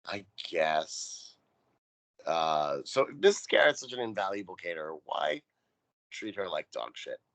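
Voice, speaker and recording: A man's voice: low-pitched, big pitch swings, moderate pace, fairly bright tone. A man co-hosting a podcast, giving a wry, profane play-by-play recap of a TV episode. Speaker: podcast co-host. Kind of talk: casual recap chat.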